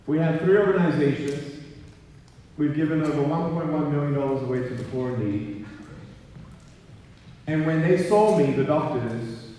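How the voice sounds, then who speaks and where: A man's voice: medium pitch, dark tone, slight background noise. Playful man speaking in an echoey gym. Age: 30s. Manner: playful storyteller, acts out quoted voices with big swings. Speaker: motivational speaker. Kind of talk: humorous motivational speech to a live audience. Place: large school gymnasium. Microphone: handheld mic, recorded from far off in the hall. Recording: very echoey gym recorded from far off.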